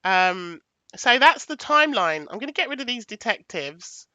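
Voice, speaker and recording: A woman's voice: fairly high pitch, big pitch swings, moderate pace, bright, forceful tone, no echo. A woman hosting a casual livestream, chatting to viewers and thinking aloud as she sets up a presentation. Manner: chatty, thanks viewers, thinks aloud while picking graphics. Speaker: livestream host.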